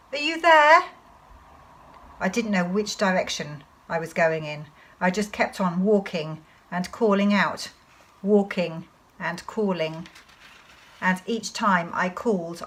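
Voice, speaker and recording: A woman teacher reading a children's novel aloud to her class in an expressive storytelling manner. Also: on the low side, low-quality recording.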